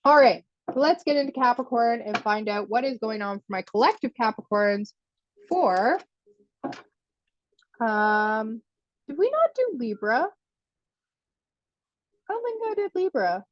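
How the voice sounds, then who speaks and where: A woman's voice: fairly high pitch, animated, measured pace, long pauses, no echo, lo-fi sound. A woman giving a chatty live tarot reading, laughing often and answering viewer comments as she goes. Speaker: tarot reader.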